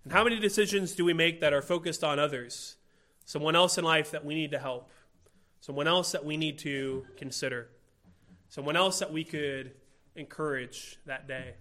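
Male preacher, sermon delivery, earnest and emphatic, bright voice, slightly high pitch. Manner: earnest, rhetorical questions, slow emphatic phrasing.

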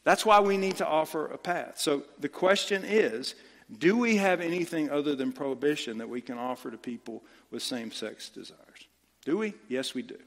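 A man's voice: a little high, normal speed. Male pastor, sermon delivery, emphatic and impassioned, lightly raised voice, reverberant room. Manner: impassioned, emphatic, repeats phrases for stress.

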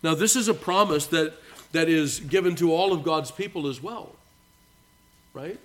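Man preaching in church, kinda high voice, slows way down on big words, calls everyone beloved. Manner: earnest preaching with emphatic slowdowns on key words; addresses the congregation as beloved. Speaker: pastor. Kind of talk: sermon.

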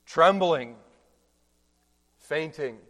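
A male pastor preaches a sermon in a slow, deliberate way, his fairly high voice dropping to a hush and then rising to loud proclamation. The sound carries a long reverb from a large church hall. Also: animated. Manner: dramatic, swinging from hushed to loud proclamation.

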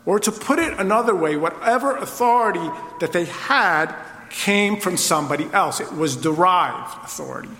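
A man's voice: high voice, lively intonation, moderate pace, sharp tone, echoey room, long reverb tail. A man preaching an expository sermon, asking the listeners rhetorical questions. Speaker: pastor.

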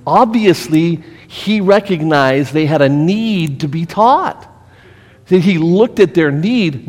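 A middle-aged man teaching a Bible study as pastor, animated and asking his listeners questions. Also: on the high side, in a large hall. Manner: animated, asks the group questions, acts out scolding voices.

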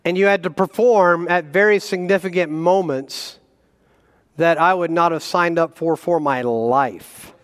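Guest preacher, male, slightly high-pitched, animated delivery with self-mocking humor, church hall reverb. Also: unhurried, clean tone. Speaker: guest pastor. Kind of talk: sermon. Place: church sanctuary.

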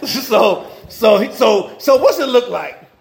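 High gravelly-voiced male pastor preaching. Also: lively intonation, slow pace, roomy sound, a crowd in the background. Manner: informal preaching with slang and humor, rising and dropping in intensity. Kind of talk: sermon.

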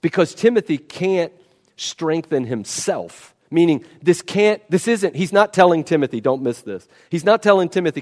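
A man's voice: a little high, animated, moderate pace, a little mellow. A man preaching a sermon, emphatic and repeating key words for stress. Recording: long reverb of a large hall.

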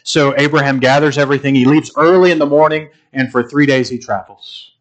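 An earnest male pastor delivers a sermon at a measured pace, letting pauses and repeated phrases carry weight. His voice sits at an ordinary middle pitch for a man and rises into emphatic passages when he presses a point. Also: fairly even intonation.

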